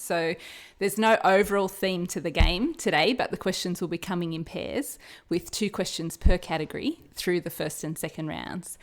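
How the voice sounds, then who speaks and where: A middle-aged woman with an Australian accent, chatting casually and laughing often as a guest quizmaster on a trivia podcast. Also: medium pitch. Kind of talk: casual podcast chat and quiz hosting.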